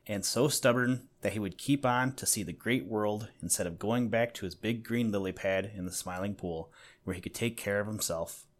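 In a gentle reading of a children's animal storybook, the male narrator uses a lowish voice. He occasionally turns from the tale to talk to the listener himself.

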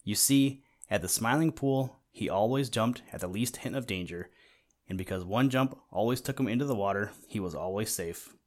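A man narrates a children's animal storybook in a lowish voice. He reads gently and now and then turns aside to address the listener directly. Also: normal speed.

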